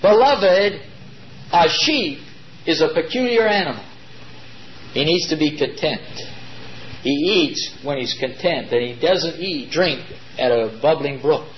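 A man preaching a sermon to his congregation, emphatic and drawing key words out slowly. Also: fairly high pitch, animated, slight background noise. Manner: addresses congregation as "beloved". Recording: dull lo-fi recording.

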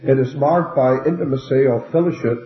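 A man's voice: medium pitch, fairly quick. A man taking part in a Bible study discussion, explaining his point in a thoughtful way. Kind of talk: speaking up in group discussion. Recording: tinny old tape recording, from off-mic.

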